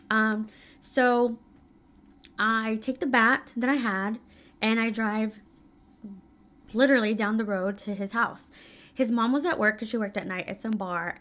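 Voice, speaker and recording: A woman in her thirties, her mid-range voice a little bright, opens up about a painful personal story in a casual vlog. She talks while doing her makeup, and her telling is emotional and packed with fillers.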